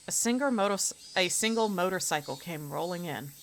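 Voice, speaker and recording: A woman game streamer with a fairly low voice narrating a visual novel aloud. She reads the prose evenly and drops into casual, chatty comments in between. A faint hum of noise sits behind her. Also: a little fast. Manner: casual, expressive asides between even narration.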